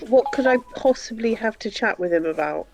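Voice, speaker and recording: A woman's voice: on the high side, animated, fairly quick, gravelly, music in the background, rough recording. Teasing woman on a video call. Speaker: guest. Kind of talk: casual online hangout chat.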